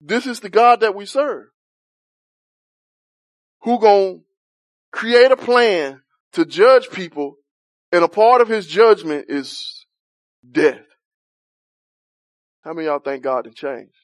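A man's voice: sits high, expressive, takes it slowly, pauses often, no echo, clean studio sound. A man leading an interactive Bible study, talking conversationally, questioning the group and laughing often.

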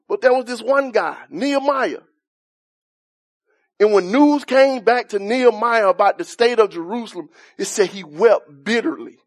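A man preaching an impassioned sermon in informal church speech, swinging from loud shouts down to quiet, soft lines. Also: very high voice. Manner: impassioned, rising to shouts then dropping soft.

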